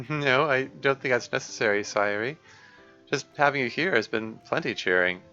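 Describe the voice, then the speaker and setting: A man voicing a tired, emotional young woman who speaks haltingly and sounds subdued. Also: medium pitch, bright, forceful tone, highs cut off, faint music behind, pitched above the performer's own voice, close to an everyday voice. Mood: soft.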